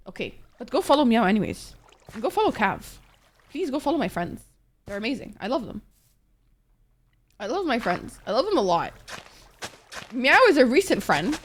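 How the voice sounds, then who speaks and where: A woman live-streaming a game and chatting with viewers, gushing and teary, swearing freely as she thanks them. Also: on the high side. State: teary, crying. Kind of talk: casual live-stream chat. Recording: music playing behind. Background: background music.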